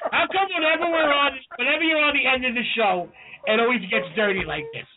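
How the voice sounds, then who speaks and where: A man's voice: very high-pitched, quick pace. A man hosting a casual chat show, playfully steering the talk. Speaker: host. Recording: tinny phone-like audio with loud noise.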